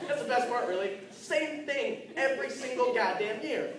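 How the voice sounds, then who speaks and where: A man's voice: extremely high pitch, lively intonation, brisk. Teen guy doing nervous stand-up at an open mic, trips over words, far off mic in a big echoey hall, crowd around. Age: teens. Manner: nervous, self-deprecating, stumbling. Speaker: student comedian. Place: school hall with audience.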